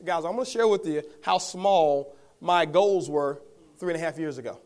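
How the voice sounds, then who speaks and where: A middle-aged man giving an energetic, folksy motivational testimonial, often calling the audience "guys". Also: on the high side, moderate pace. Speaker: network marketing speaker.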